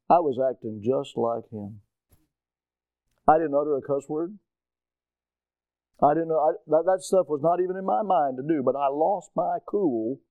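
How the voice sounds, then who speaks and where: A fairly high-pitched, middle-aged male preacher recounts a personal story in his sermon, animated throughout. His delivery shifts from quiet asides to strained, loud shouting, and there's no room sound in the recording.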